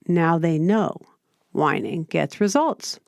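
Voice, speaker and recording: A woman hosting a parenting podcast, giving scripted advice in a calm, steady, explanatory way. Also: lowish voice, takes it slowly, creaky, dry recording, studio quality. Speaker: podcast host.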